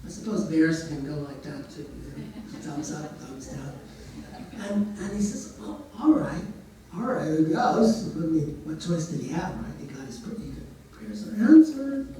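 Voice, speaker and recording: A man's voice: fairly high pitch, animated, moderate pace, dark tone, very echoey, distant mic, low-quality recording. A man telling a story in a casual way, now and then putting on voices for the characters. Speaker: storyteller and therapist.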